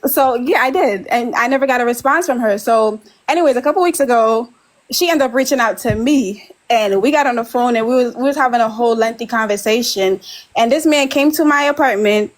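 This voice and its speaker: A woman's voice: on the high side, a little fast, rough recording. A woman in her twenties, a caller on a live stream, telling a rambling personal story with nervous laughs and many fillers. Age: 20s. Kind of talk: casual confessional storytelling.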